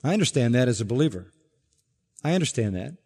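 A man's voice: mid-range voice, sing-song, fast talker, warm tone, slightly rough. A man preaching a sermon as pastor, emphatic and building his points through rhetorical questions. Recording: long reverb from a large hall.

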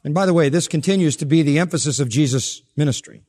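A man preaching a sermon with a slightly high voice that leaps up for emphasis and falls soft at the ends of phrases. His voice carries a long reverb from a large church hall. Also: fast talker. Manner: emphatic preaching with sharp rises and soft drops. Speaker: pastor.

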